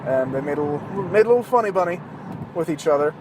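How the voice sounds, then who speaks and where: Man, high voice, casual rambling monologue, profane, sarcastic, joking, talking from a moving car, faint road hum. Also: lively intonation, fast talker. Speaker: podcast host.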